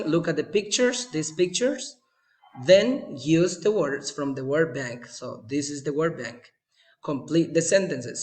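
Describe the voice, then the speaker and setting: Man teaching an English lesson, slightly high. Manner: slow, repetitive, checking with "okay?". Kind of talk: recorded video lesson.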